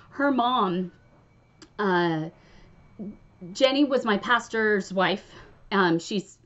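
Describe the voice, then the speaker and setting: A woman's voice: on the high side, highs cut off. A woman chatting casually in a stitching vlog, rambling and gushing over gifts. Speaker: cross stitch vlogger. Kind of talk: casual chat.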